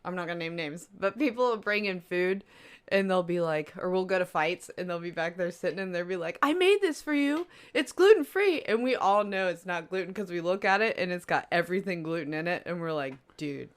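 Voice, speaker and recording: A woman's voice: fairly low pitch, fairly even intonation, brisk, clear, resonant tone. A woman guesting on a podcast, telling a story in a casual, giggly way. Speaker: podcast guest, MMA fighter.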